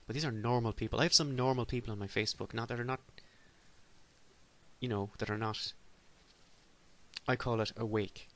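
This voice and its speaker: A man's voice: mid-range voice, fairly even intonation, normal speed, pauses often, a bit bright. A man from Ireland hosting a solo comedy podcast, rambling in a self-deprecating way with sudden exasperated outbursts. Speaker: podcast host.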